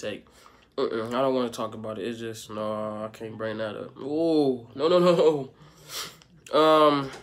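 With a medium-pitched, fairly bright voice, a young vlogger takes fan questions in a relaxed, meandering way, leaning heavily on fillers. Soft music sits in the background.

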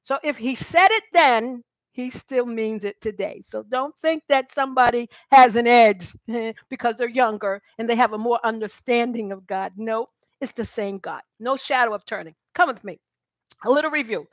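An earnest woman delivers a Bible sermon, urging her listeners on and reading verses aloud. Her voice sits a little high, and the sound is close and dry with no room around it. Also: normal speed, no echo. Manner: earnest, exhorting, quotes scripture and speaks to listeners directly. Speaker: Bible teacher.

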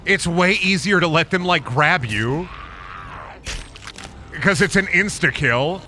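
A man's voice: fairly high pitch, unhurried, pushed and bright, slight background noise. A young adult man giving casual, rambling commentary while streaming a game, joking and swearing as he goes. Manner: rambling, joking, profane asides. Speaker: gaming streamer.

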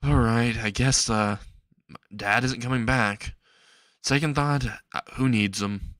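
A man voicing a panicky young male hero who keeps breaking into tears, pitched up and frantic. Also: expressive, normal speed, no room sound, clean studio sound, lightly acted. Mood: gloomy. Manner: high, shrill and frantic.

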